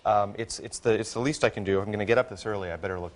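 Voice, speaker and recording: A man's voice: lowish voice, racing. A man in his thirties, a guest on a TV talk show, chatting casually with many fillers and restarts and a self-mocking humor. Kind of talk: casual chat. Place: TV studio.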